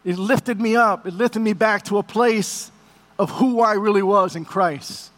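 Middle-aged male pastor, very high voice, emotional storytelling sermon to the congregation. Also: a little slow, a bit bright.

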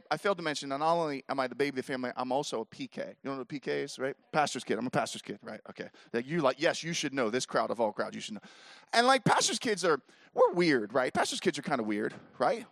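Male speaker in his 40s, dry close sound, high voice, animated storyteller who acts out the voices. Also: dry recording. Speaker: speaker at a youth leader event. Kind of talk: storytelling talk to a live audience.

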